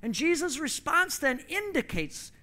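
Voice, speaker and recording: A man preaching a sermon in an emphatic, storytelling way. His voice is fairly high and bright. He pauses between phrases so an interpreter can translate. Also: very animated.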